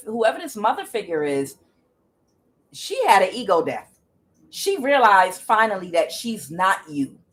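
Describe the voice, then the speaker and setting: A woman giving a casual tarot reading to camera, emphatic and exclaiming, talking straight to her viewers. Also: medium pitch. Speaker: tarot reader.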